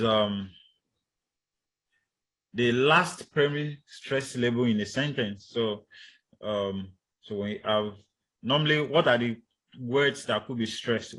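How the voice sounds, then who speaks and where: A man's voice: mid-range voice, fairly bright tone, low-quality recording. A male linguistics lecturer giving a university class, explaining with spoken example sentences and frequent hesitations.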